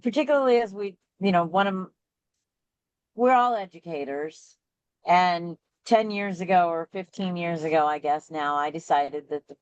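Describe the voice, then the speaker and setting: A woman's voice: on the low side, darkish tone, dry recording. A woman hosting a casual talk show, chatting and laughing along easily with her guest. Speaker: host. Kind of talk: casual chat.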